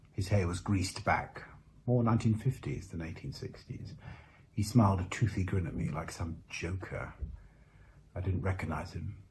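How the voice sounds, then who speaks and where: A man narrating a first-person story aloud in a measured, reflective way with dramatic pauses. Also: low-pitched, dark tone, slight background noise. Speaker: narrator voicing the lead character. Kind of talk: first-person audiobook reading.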